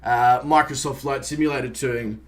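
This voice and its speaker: A man's voice: medium pitch, fairly even intonation, normal speed. An Australian man chatting casually on a live stream, greeting viewers by name and swearing lightly as he sets up a flight sim.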